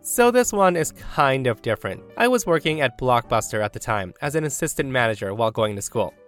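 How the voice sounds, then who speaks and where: A man's voice: mid-range voice, lively intonation, a little fast. Casual man reading stories, faint music. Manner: casual, talks straight to listeners. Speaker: story narrator. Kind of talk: reading online stories aloud.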